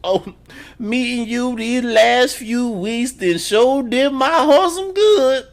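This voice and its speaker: A pious older mother, sweetly earnest, her words stretched out slow and high in a sing-song lilt, as a man mimics her. The voice sits well above a man's usual range. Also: exaggerated voice. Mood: tender.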